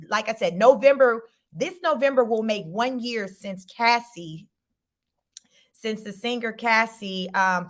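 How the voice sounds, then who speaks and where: A woman hosting a casual live-stream, chatty and animated, laughing often, speaking. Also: fairly high pitch. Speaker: host.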